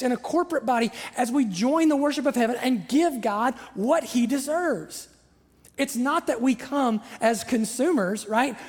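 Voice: sits high, a little mellow, in a large hall. A pastor from Southern Ohio with a Southern Ohio accent, preaching a sermon in a conversational, joking way and repeating phrases for emphasis. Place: church sanctuary.

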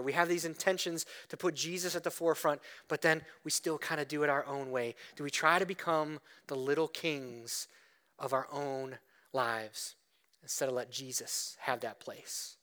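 Bright, clear-voiced male pastor preaching. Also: on the high side. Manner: conversational, storytelling with acted-out quotes. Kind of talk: sermon. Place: church.

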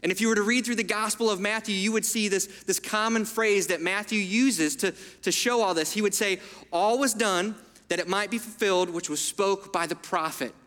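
Pastor guy preaching, high bright voice, chatty, lots of "right?", big echoey church hall. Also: moderate pace. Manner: conversational, asks the room for agreement. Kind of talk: sermon.

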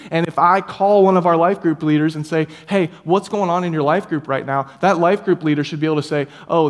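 A man's voice: on the high side, in a large hall. A man preaching a sermon as pastor, earnest and conversational, building up to emphatic passages. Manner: earnest, rising to emphatic peaks. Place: church sanctuary.

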